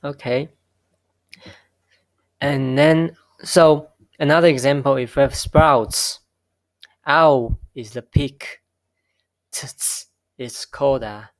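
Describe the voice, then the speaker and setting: A man giving a recorded linguistics lecture, explaining slowly and correcting himself often. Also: on the high side, fairly even intonation, dry recording. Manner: slow, self-correcting explanations with frequent okays. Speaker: linguistics instructor.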